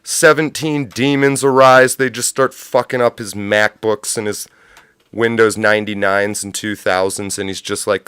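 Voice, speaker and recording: Sardonic, profane livestream host. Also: male voice, lowish voice, steady tone, moderate pace, fairly bright tone, smooth, dry recording, clean studio sound. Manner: rambling absurd tangents. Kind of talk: comedic political commentary.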